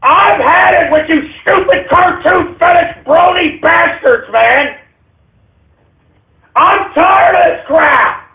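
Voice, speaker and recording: A man with a very high, shrill voice shouts a furious rant, slowly drawing out his words. He sounds distant and echoey, as if yelling from across a room, and the audio is thin and phone-like. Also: creaky, a little hiss or hum.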